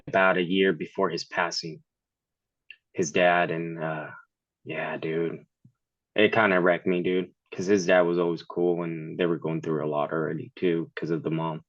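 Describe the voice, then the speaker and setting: A man's voice: low-pitched, little pitch movement, moderate pace, fairly bright tone, no room sound, dull audio. A man in his thirties, a podcast guest, chatting casually in a blunt, profane way and laughing often. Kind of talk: casual chat.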